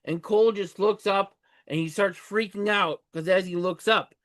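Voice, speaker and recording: A man with a high voice co-hosts a podcast. He retells film scenes casually, halting and restarting as he goes. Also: fairly even intonation, fairly bright tone. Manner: halting storytelling with fillers and restarts. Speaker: podcast co-host. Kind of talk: casual movie recap chat.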